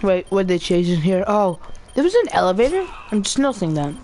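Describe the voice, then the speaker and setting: Excitable girl gamer rambling while she plays, mid pitch, little bit of noise in the back. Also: brisk. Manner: chatty and excitable, rambling with many fillers. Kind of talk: casual gameplay commentary.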